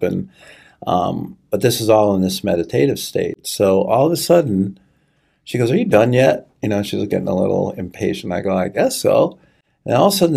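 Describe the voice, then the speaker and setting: Middle-aged guy telling his story all earnest and choked up, gravelly low voice. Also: darkish tone. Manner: earnest, halting storytelling, choking up. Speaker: guest sharing a personal story. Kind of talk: conversational testimony.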